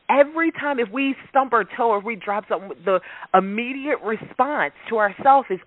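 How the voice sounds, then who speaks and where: A man's voice: high voice, animated, normal speed, no echo. A man working as a life coach, giving an emphatic motivational talk and repeating his key points. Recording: dry phone-like radio sound.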